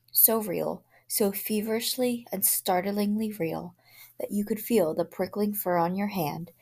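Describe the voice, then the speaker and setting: A woman, a teacher, reading a short story aloud in an expressive voice that drops to a whisper in tense passages. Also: mid-range voice.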